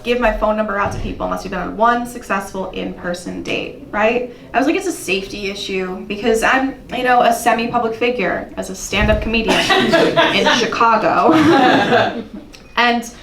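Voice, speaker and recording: A young woman performing a stand-up comedy set with animated storytelling, her voice shooting up into rants. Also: normal speed, creaky, roomy sound, distant mic, background noise. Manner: animated storytelling, jumps high when ranting. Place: comedy club stage. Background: audience laughter.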